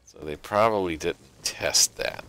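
With a low, bright, forceful voice and a measured pace, a man co-plays an online game at home with his partner. He keeps up relaxed chatter, thinking out loud and humming now and then.

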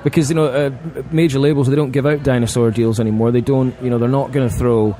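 A man with a mellow, middle-pitched voice talks at length, circling back and restarting his sentences. He is a musician chatting in a bar. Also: fairly even intonation, fast. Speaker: musician guest. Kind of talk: casual bar chat.

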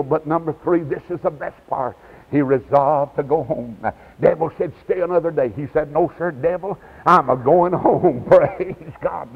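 Brief: evangelist, man, animated fairly high voice, lo-fi church recording. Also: husky. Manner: swings from low asides to high shouted cries. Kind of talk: revival preaching. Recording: dull lo-fi 1990s church tape.

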